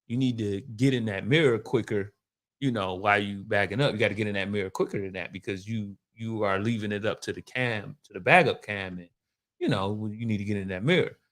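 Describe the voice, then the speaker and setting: A man co-hosting a podcast in casual chat, telling stories with animation and laughing often. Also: a little fast. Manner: animated storytelling, rising high when worked up, laughs often. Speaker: podcast co-host.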